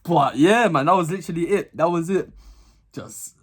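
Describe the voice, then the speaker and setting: A man's voice: on the high side, normal speed. A young man telling a school story to his channel, acting out the voices and laughing often. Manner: animated, acts out dialogue, laughs a lot. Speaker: vlogger. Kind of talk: casual storytime.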